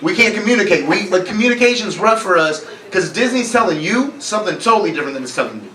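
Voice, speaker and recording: A young male stand-up comic with a high, pushed, bright voice talks fast and very animatedly during a live set at a bar comedy night, sardonic and self-mocking as he banters with the crowd. His voice is raised, picked up from afar in a roomy bar, with the crowd laughing.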